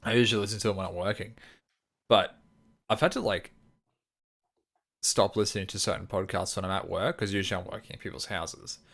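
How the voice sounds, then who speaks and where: A man cohosting a relaxed podcast, with a slightly low voice. He talks in a chatty way and laughs easily. He is close on a desk microphone. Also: a little fast, long pauses. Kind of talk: casual chat.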